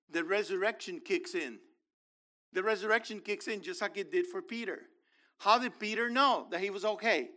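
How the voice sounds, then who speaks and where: Bright-voiced animated male preacher. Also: sits high, normal speed. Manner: animated, acts out biblical figures, talks to congregation. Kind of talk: sermon, Bible teaching.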